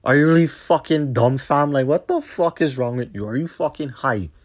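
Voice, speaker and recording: A man's voice: mid-range voice, normal speed. A man hosting his own show, ranting in a heated, profane way and firing scornful rhetorical questions. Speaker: host. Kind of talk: solo rant podcast.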